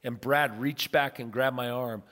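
A middle-aged male pastor preaching a sermon, telling a story with big swings from loud to soft. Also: medium pitch, steady tone, unhurried. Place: church sanctuary. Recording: long hall reverb.

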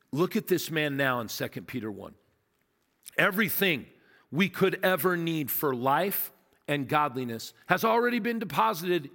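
A man's voice: fairly high pitch, fairly bright tone. A man delivering a sermon to a congregation, in a conversational and emphatic manner with rhetorical questions. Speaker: guest preacher. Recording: long hall reverb.

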